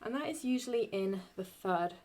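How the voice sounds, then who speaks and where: A young woman explaining Latin verse in a casual, halting way, often stopping to correct herself as she writes. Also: medium pitch, lively intonation, a little mellow. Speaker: Latin teacher.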